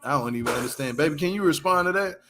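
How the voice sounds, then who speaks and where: A man's voice: fairly high pitch, animated, very fast, over loud music. A man hosting a casual commentary show, ranting bluntly and with a lot of swearing while speaking straight to his viewers. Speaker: commentary channel host.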